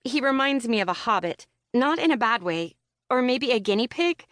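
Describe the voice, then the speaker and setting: A woman's voice: a little high, lively intonation, normal speed, a bit bright, dry recording, clean studio sound, voice pushed up. A woman voicing an awkward, self-conscious young woman gamer who speaks earnestly and flustered, in an audiobook.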